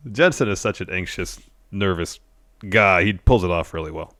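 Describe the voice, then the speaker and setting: A man's voice: deep voice, normal speed, a bit bright, no echo, studio quality. A man co-hosting a casual podcast, steadily recapping events and reading out quotes. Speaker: co-host.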